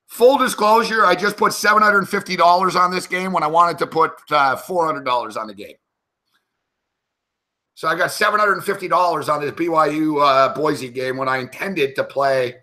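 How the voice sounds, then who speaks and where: On his sports betting show, a man rambles to himself in agitation and profanity as he places live bets. His voice sits on the high side, sounding pushed and bright, at a moderate pace.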